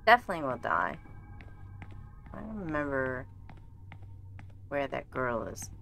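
A woman streamer thinking aloud while playing a game, chatty and given to quick exclamations. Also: a bass voice, very animated, creaky, a bit bright, faint music behind. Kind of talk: casual gameplay commentary.

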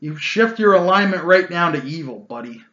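A man rants about a past tabletop game in a casual, exasperated way, his voice bright and fairly high. He is recorded in a roomy, echoey space. The sound is a little dull and lo-fi. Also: lively intonation, moderate pace. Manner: ranting, exasperated, loose with fillers. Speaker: channel host telling a gaming story. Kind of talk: casual storytelling vlog.

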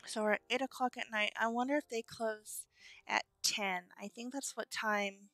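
A woman's voice: on the high side, fairly even intonation, normal speed, a bit bright, dry recording, faint music behind. A young woman hosting a gaming channel, chatting casually as she plays and cheerfully greets her game customers. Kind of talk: casual gameplay commentary.

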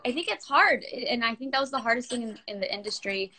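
A woman in her thirties chatting at home on a live video call, talkative and quick to laugh. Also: a little high, animated, bright, forceful tone. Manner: chatty and laughing, breaks off to talk to her small children. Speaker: guest on a livestream chat. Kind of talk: casual video-call chat. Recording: noisy video-call audio.

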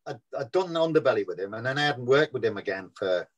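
A man's voice: medium pitch, animated, quick pace, lo-fi sound. Scouse man telling rambling showbiz stories. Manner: rambling storyteller, acts out quoted voices. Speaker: actor being interviewed. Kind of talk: casual anecdotal chat.

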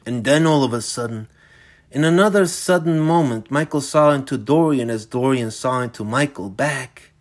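A man narrating his own hard-boiled thriller in a dramatic audiobook style. His storytelling is intense and gritty, leaning into the dread of each scene. He speaks at an ordinary mid pitch for a man. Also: normal speed. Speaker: author reading his own novel.

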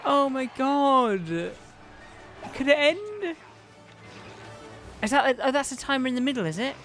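A man hosting a gaming channel, giving excitable let's-play commentary and yelling at the game. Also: extremely high pitch, normal speed, soft background music.

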